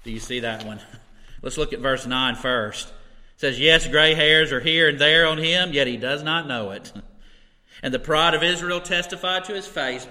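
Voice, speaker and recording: A man's voice: mid-range voice, sharp tone. A middle-aged man preaching a sermon in an earnest, conversational way, with occasional asides and light laughter. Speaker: pastor. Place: church sanctuary. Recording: echoey hall with long reverb.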